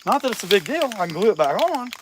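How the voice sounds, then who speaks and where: A man's voice: sits high, sing-song, fast talker, background noise. Laid-back chatty man with a cold. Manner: laid-back, chatty, reads viewer comments aloud. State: has a cold, sniffly. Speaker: chainsaw carver streaming live. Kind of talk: casual livestream chat while working. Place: outdoor workshop.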